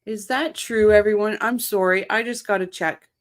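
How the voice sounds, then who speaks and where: A woman hosting a casual livestream, chatting excitedly, laughing often and reading viewer comments aloud. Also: mid-range voice, moderate pace. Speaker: livestream host. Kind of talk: casual live-chat commentary.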